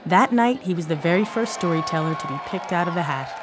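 A woman radio host reading scripted narration calmly and measuredly into a studio mic. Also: fairly low pitch, noisy background. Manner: calm, measured announcing. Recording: radio voice-over over guitar music and crowd.

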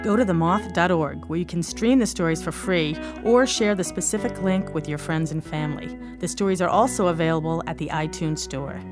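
A woman radio host reading scripted narration calmly and measuredly into a studio mic. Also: on the low side. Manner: calm, measured announcing. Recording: radio voice-over over guitar music and crowd.

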